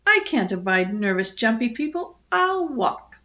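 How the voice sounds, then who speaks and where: An older woman voicing a bossy, sharp-tongued female farm bird who scolds everyone in a storybook reading. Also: fairly high pitch, very animated, measured pace, highs cut off, heavily acted. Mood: impatient. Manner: scolding, no-nonsense.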